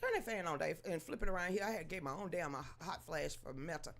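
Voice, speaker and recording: Loud laughing Southern woman host. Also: fairly low pitch, animated, quick pace, vocal fry, a little hiss or hum. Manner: greets viewers in chat by name. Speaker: livestream host. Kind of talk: casual gossipy livestream chat.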